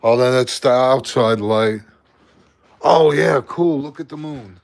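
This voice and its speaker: A man of middle pitch talks into a phone on a home livestream. He rambles in an easygoing, casual way, moving around the house as he goes. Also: a little slow, creaky.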